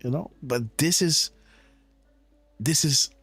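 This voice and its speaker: A fairly high, somewhat bright male voice with a breathy edge takes things slowly as he hosts a live decode show on politics. He's insistent and rhetorical, often speaking to his audience and leaning on "guys" and "right?". Faint music sits behind a dry, roomless sound.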